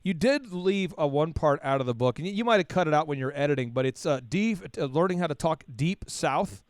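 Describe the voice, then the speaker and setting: A man's voice: fairly high pitch, lively intonation, brisk, no room sound, studio quality. A man from Oklahoma hosting an interview show, playful and teasing, often repeating words as he starts a sentence. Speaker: podcast host. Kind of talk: joking interview chat.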